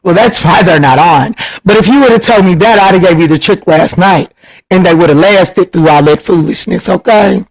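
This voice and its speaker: Man, tarot live host, casual chat with viewers, high voice, teasing, laughs a lot. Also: normal speed, creaky, low-quality recording. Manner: chatty, teasing, laughs often, pitch jumps up when excited. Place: home livestream.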